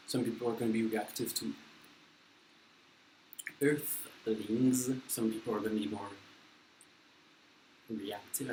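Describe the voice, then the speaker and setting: A young man with a French accent, speaking in a lowish voice. He chats while eating, rambling, blunt and a little profane, with plenty of fillers. The sound is echoey, with a faint hum of room ambience behind him. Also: a little mellow. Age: young adult. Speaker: vlogger. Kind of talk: casual mukbang chat while eating.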